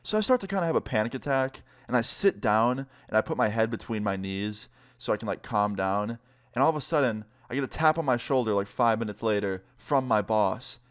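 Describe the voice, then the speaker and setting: A man's voice: lowish voice, animated, brisk, clear, resonant tone. A young man telling a storytime vlog in a casual, profane way, full of fillers. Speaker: vlogger.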